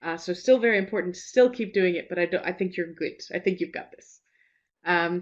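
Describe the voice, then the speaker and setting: Woman giving a relaxed webinar talk. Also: fairly low pitch. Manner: relaxed, reassuring, with frequent fillers and restarts. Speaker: teacher trainer giving a webinar. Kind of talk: webinar presentation. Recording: slightly dull lo-fi webinar audio.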